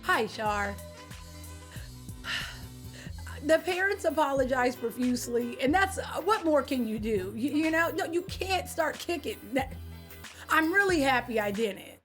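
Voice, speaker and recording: Young woman streamer, high voice, casual slangy chat, faint music underneath. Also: measured pace, pauses often. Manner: animated, slangy, talks to chat by name.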